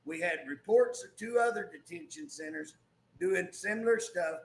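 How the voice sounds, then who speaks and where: A high, gravelly man holds forth on a political talk show, emphatic and restless, circling back on his points. His voice rings in an echoey room. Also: big pitch swings, normal speed. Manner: emphatic, repeats "guess what", restarts. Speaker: co-host, former state legislator.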